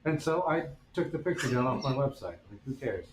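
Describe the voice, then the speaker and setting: A man's voice: mid-range voice, animated, a little fast. A man blacksmith streamer casually telling a story while working in his workshop, in a wry, anecdotal way. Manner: laid-back, wry anecdotal delivery. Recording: echoey workshop with faint ambient noise.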